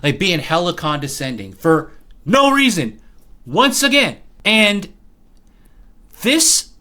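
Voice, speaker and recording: A man's voice: high-pitched, takes it slowly. A man telling a story in a casual, emphatic vlog rant. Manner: animated, emphatic, swings up and down. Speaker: vlogger.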